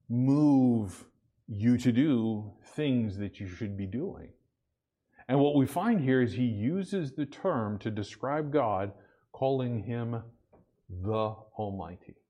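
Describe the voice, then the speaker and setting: A man preaching a sermon in a relaxed, conversational way, checking in with "amen?" and acting out little everyday scenes. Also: medium pitch, slow pace, lo-fi sound. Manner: conversational preaching with frequent "amen?" and acted asides. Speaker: pastor.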